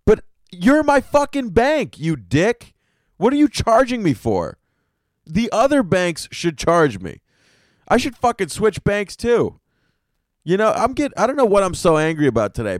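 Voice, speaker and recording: A man's voice: on the high side, dry recording, clean studio sound. A young man hosting a solo comedy podcast, ranting with heavy swearing, exasperation and sarcastic asides. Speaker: podcast host.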